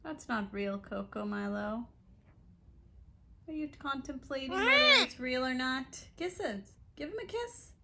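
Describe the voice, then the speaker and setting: A woman's voice: high voice, animated, measured pace, creaky, a little hiss or hum. A woman at home talking baby talk to her pet parrots. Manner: sing-song baby talk to birds. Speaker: pet owner. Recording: loud parrot squawks behind.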